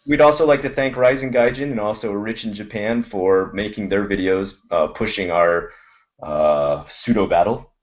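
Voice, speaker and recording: A man's voice: on the low side, normal speed. Man rambling through a show sign-off. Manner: loose, rambling wrap-up with crude asides. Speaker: co-host of a web show. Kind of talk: casual web show chat and sign-off. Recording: muffled video call audio.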